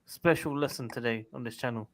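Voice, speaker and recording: A man's voice: mid-range voice, a little fast, a crowd in the background. A man bantering and teasing on a casual stream chat. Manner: joking, teasing. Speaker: stream co-host.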